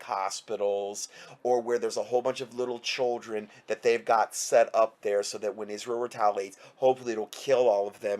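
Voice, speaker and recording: A man reading out news reports and breaking in with sarcastic, heated commentary. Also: fairly low pitch.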